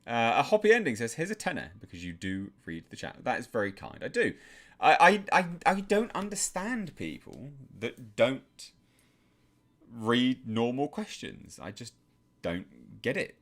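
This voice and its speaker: A young man from England hosting a live stream, calmly reading out viewer messages and answering them in a measured way. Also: medium pitch.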